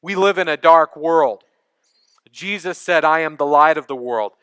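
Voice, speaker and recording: Texan preacher, man, crisp bright voice, dry sound, chatty sermon style. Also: on the high side, a little slow, no echo. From East Texas. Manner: conversational preaching, engages congregation. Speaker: pastor.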